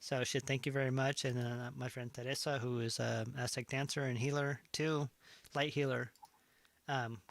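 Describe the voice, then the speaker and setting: A man's voice: medium pitch, level tone, moderate pace, gravelly, no echo. A man hosting a casual chat show, rambling with many fillers. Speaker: host.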